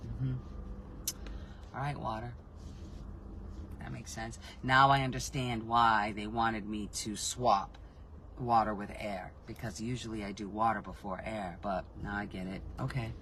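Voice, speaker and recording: A man's voice: on the low side, level tone, unhurried, bright, forceful tone, a little hiss or hum, rough recording. Rambling man giving a casual spiritual reading. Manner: rambling, self-interrupting, swears freely; frank, emotionally reactive. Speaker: intuitive reader.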